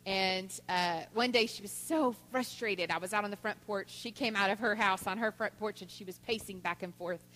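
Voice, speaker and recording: A woman giving a Mother's Day talk in church, telling stories with lively voiced quotes. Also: medium pitch, moderate pace, few pauses, a little hiss or hum. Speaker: church speaker. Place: church sanctuary. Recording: long church hall reverb.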